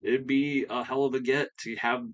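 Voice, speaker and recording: A man's voice: mid-range voice, steady tone, moderate pace, muffled recording, natural voice. A man voicing an eager male wrestler recruiting teammates, persuasive and stumbling over his words.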